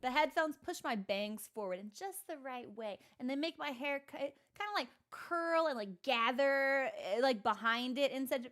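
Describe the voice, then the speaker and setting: Woman, game streamer, casual rambling chat, sarcastic asides, fairly high voice. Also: fairly bright tone. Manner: sarcastic and self-mocking; rambling, chatty with many fillers. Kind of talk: casual chat while gaming.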